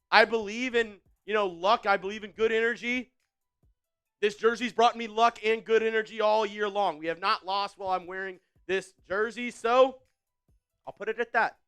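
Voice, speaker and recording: A man's voice: high voice, fairly bright tone, smooth. A man hosting a live football watch party in upbeat, casual chat, reading out viewer comments with frequent fillers and repeated phrases.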